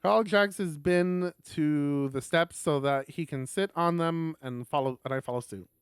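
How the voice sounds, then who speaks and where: A man's voice: on the high side, measured pace, smooth, dry recording, clean studio sound. A young man streaming, reading a visual novel aloud with laughing, rambling asides.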